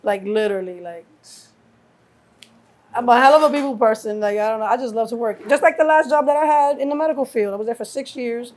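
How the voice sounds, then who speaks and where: Animated, cursing middle-aged woman. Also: fairly high pitch, fast talker. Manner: animated storyteller acting out quotes, heavy cursing. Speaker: guest, mother of a rapper. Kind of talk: storytelling in a casual interview.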